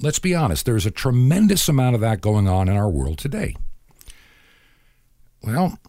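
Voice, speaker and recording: A middle-aged radio host delivers an earnest, moralizing monologue, acting out snippets of conversation in quotes. His mid-range voice is very animated and dark in tone, at a moderate pace, with clean studio sound and no room sound.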